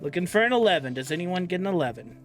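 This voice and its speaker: A woman's voice: fairly low pitch, big pitch swings, fast, faint music behind. A woman running a tabletop game as game master, narrating in a casual, chatty way.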